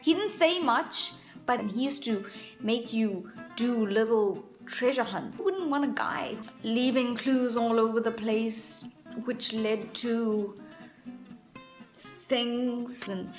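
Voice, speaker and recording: In a casual comic vlog, a young adult woman chats playfully and pokes fun at herself. Her voice is a little high and a bit bright, and the room sounds echoey.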